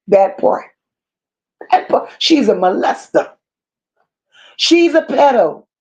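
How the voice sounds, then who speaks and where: Slow, scornful woman host ranting. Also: fairly high pitch, very animated, darkish tone. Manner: slow, emphatic and scornful, with drawn-out insults; reads viewer comments aloud. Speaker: commentary channel host. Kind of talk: unscripted livestream rant.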